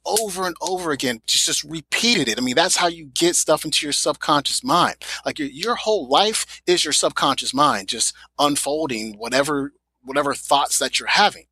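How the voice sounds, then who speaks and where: A man with a bright, forward tone talks with eager conviction as a podcast guest, hammering his points home by repeating them. His voice is close and dry, with no room sound around it. He sounds like a motivational speaker in full flow. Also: on the high side, normal speed, husky, dry recording, poor audio. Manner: emphatic, repeats phrases for effect. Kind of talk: motivational interview talk.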